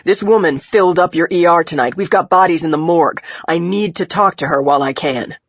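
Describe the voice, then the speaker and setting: A woman's voice: on the low side, fairly quick, no room sound, highs cut off. A woman reading an urgent male detective. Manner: firm, pressing questions.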